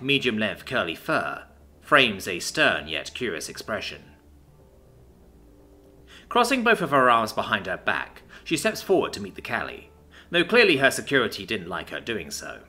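A man narrating a science fiction story in an expressive, scripted reading. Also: mid-range voice.

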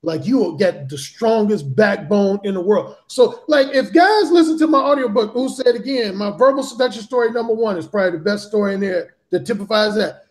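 A man's voice: high-pitched, fairly quick, few pauses, darkish tone. A man telling a story as a podcast guest, speaking bluntly and profanely with heavy emphasis. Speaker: podcast guest, dating author. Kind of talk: casual storytelling in a talk show.

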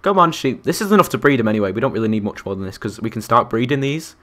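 A young man commentating his Minecraft survival game, chatty and excitable, talking to the animals and to his viewers. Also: mid-range voice, very fast. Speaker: gaming YouTuber. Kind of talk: Minecraft let's-play commentary.

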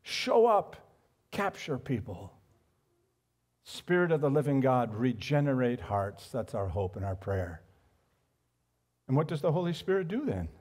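A man preaching a sermon as pastor, swinging between hushed, reflective lines and loud, animated outbursts. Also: medium pitch, unhurried, long pauses. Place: church sanctuary.

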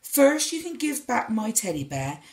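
A woman's voice: a little high, sing-song, measured pace, darkish tone, roomy sound. A woman doing a brave, bossy little boy. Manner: firm and comforting.

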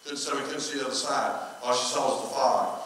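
Folksy pastor in echoey church. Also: male voice, medium pitch, fairly even intonation, a little fast, a bit bright, slight background noise. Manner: folksy, conversational storytelling with quoted dialogue. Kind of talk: storytelling sermon. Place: church sanctuary. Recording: echoey hall, from far off.

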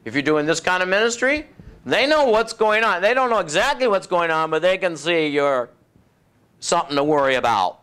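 A male preacher delivers a folksy, conversational sermon in a somewhat high voice. He acts out the voices of demons and doubters, sinking into a low, soft tone for effect. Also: animated, moderate pace, smooth.

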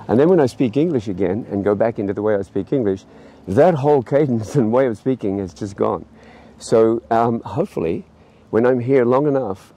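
A man in his sixties with a mixed Australian accent, rambling warmly through viewer questions with laughing asides. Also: medium pitch, breathy edge. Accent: Australian with a mixed, traveled lilt. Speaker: author answering viewer questions. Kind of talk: casual reflective monologue.

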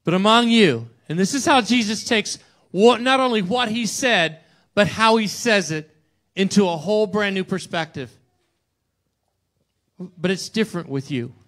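A man's voice: high voice, expressive, measured pace, pauses often, fairly bright tone. A male pastor giving a conversational sermon to a congregation in church, often checking in with a rhetorical "right?". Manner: conversational, asks rhetorical "right?" and acts out quotes.

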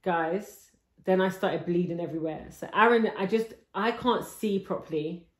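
A woman's voice: fairly low pitch, normal speed. A young woman telling her labour story to her camera in a chatty, breathless way, full of likes and restarts. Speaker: vlogger. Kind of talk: casual storytime. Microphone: camera she films herself with. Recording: roomy echo.

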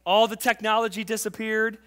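A man in his forties preaching a sermon as pastor, fervent and emphatic, telling a family story and dropping to quiet intimacy. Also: high voice, flat delivery, brisk. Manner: tells a family story, acting out the voices.

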